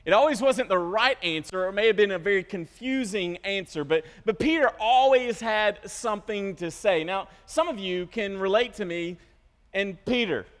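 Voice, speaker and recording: A male pastor preaching a sermon, with animated storytelling, self-interruptions and joking asides. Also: sits high, moderate pace. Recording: long hall reverb.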